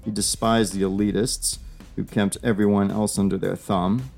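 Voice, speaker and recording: A man narrates an audio story in a plain, steady reading voice. His voice is low and gravelly. Faint guitar music plays underneath. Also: normal speed.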